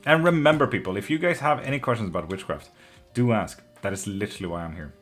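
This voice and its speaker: Against faint background music, a man with a lowish, slightly bright voice talks at a quick pace on his live tarot stream. It's casual chat with viewers, including reading their comments aloud, and he's loose and profane, laughing a lot and showing open emotion and affection.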